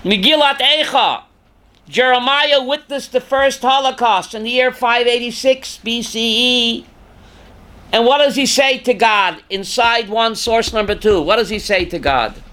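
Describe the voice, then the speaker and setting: An older man, a rabbi teaching a class, reads scripture aloud with dramatic force, sometimes shouting, and questions his students. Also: very high-pitched, a little slow. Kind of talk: Torah class lecture.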